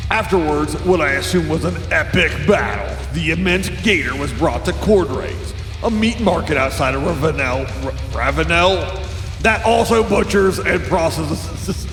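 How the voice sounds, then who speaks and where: Male co-host, hyped shouty metal-news announcer, heavy reverb and background music. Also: fairly high pitch. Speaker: podcast co-host.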